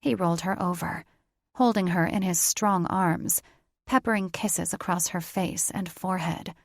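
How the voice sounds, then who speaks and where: A woman narrating a romance audiobook with steady, intimate storytelling. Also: fairly low pitch, moderate pace, no room sound, studio quality.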